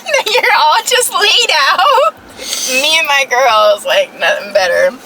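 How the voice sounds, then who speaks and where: A woman's voice: sits high, expressive, a little slow. A young woman vlogger chatting casually over a meal, laughing often as she rates the food. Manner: giggly, laughs often, playful rating of food. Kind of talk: casual mukbang chat. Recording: noisy background.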